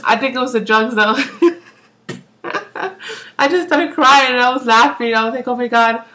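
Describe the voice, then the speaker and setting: A woman's voice: sits high, normal speed, sharp tone. A young woman telling a rambling story in a casual vlog, saying "like" a lot, acting out other people's lines and laughing often. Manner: chatty, rambling, full of "like"; acts out quoted voices, laughs often. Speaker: vlogger.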